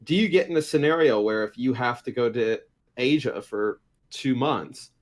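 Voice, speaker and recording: A man's voice: medium pitch, normal speed. A man co-hosting an esports podcast, rambling and filling gaps with "like" and "uh", mic held a bit far from his mouth. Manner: rambling, heavy on "like" and "uh". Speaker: podcast co-host. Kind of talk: casual esports chat.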